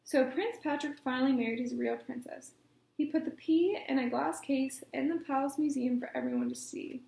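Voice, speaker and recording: A woman reading a children's storybook aloud in a gentle, measured way. Her voice is high with a gravelly fry, and the room gives it a noticeable echo. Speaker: storytime reader. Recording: echoey room.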